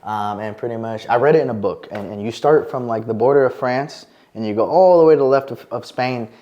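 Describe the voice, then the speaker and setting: A man chatting as a podcast guest, a lively storyteller with plenty of fillers and restarts. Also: medium pitch, brisk, dull audio. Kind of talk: casual interview chat.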